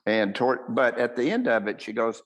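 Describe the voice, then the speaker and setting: A man, a surgeon, recounting a patient's story on a webinar in a halting way, with frequent restarts and self-corrections. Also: mid-range voice, lively intonation, lo-fi sound.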